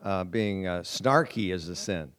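Hesitant low-voiced man in a congregation. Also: fairly bright tone, clear, resonant tone. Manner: hesitant, halting. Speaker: congregation member asking a question. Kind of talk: question from the audience.

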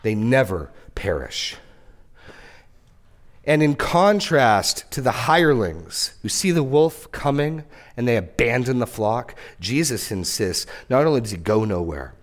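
A man preaching a sermon as pastor, earnest, with repeated words and sudden rises in pitch for emphasis. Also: big pitch swings, a little slow.

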